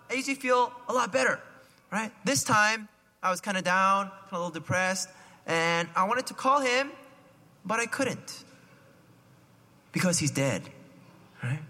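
A man giving a conversational homily, often asking his listeners questions and clearing his throat. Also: high-pitched, sharp tone. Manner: chatty, asks the listeners questions, frequent "right?". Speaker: preacher. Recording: long hall reverb.

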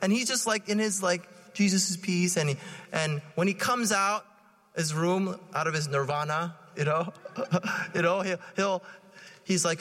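Lively high-voiced young priest in a reverberant church. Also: male voice, normal speed. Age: 30s. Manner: animated storytelling, checking in with "right?". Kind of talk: conversational homily at Mass.

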